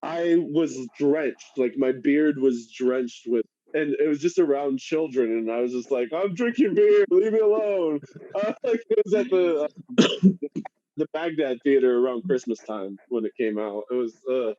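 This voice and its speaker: Mellow-voiced man swearing casually. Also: mid-range voice, moderate pace, no echo. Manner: swears freely, laughs mid-sentence, animated retelling. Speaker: podcast co-host. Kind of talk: casual chat. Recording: muffled, dry.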